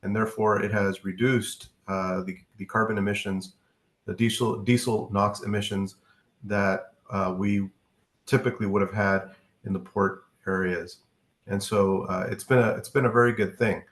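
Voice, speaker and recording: A man with a low voice gives a presentation over a video call and stumbles through fillers as he goes. His voice carries an echo from the room around him. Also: fairly even intonation, moderate pace, fairly bright tone. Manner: casual, hesitant with many fillers. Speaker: utility company presenter. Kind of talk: online community meeting presentation.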